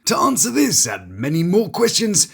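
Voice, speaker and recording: A man's voice: high voice, wildly swooping pitch, normal speed, vocal fry, slightly rough. A British man giving sarcastic, jokey scripted commentary on reality TV, with mock-theatrical asides. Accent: British English. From Britain. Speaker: reality TV reviewer.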